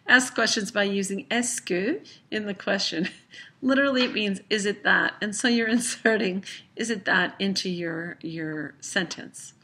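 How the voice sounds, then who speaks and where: A woman teacher explaining grammar clearly in a recorded lesson, reading slow example sentences. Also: mid-range voice, bright, forceful tone. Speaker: French teacher.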